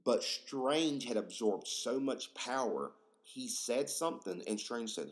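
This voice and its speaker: A young man hosting a casual solo podcast, rambling and profane, excitable and full of fillers. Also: medium pitch, unhurried. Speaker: podcast host.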